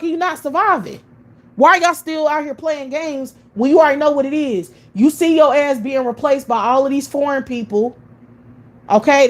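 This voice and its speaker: A woman from the United States delivering a profane, scornful rant full of repeated rhetorical questions. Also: high-pitched. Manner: scornful, repetitive rhetorical questions, heavy swearing. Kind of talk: profane ranting monologue.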